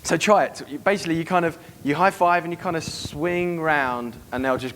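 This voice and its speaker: A man giving a seminar to a live room, brisk and profane, acting out club scenes as he goes. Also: fairly high pitch, fairly bright tone, a little hiss or hum. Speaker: dating coach giving a seminar. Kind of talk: live seminar talk to an audience.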